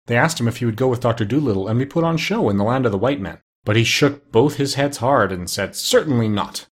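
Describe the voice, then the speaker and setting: A man narrating a children's storybook aloud in an expressive, measured reading. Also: medium pitch, husky.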